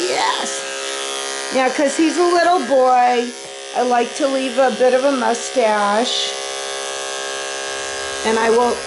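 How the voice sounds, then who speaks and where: A woman dog groomer explaining a puppy's grooming step by step, calmly soothing the puppy as she works. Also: heavy background noise. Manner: calm explaining, soothing a squirming puppy with high coos. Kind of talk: instructional grooming demo. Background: electric clippers and a puppy.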